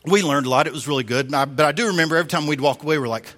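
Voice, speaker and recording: High, bright-voiced male pastor in a hall. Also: rapid-fire. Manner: animated, acts out quoted voices. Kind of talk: storytelling sermon. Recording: long reverb of a large hall.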